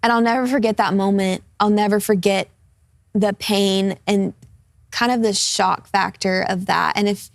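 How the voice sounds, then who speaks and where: A woman's voice: medium pitch, fairly even intonation, normal speed, creaky, dry recording, studio quality. A woman in her twenties telling a personal testimony as a guest in an interview. She talks earnestly and casually, with lots of fillers. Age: 20s.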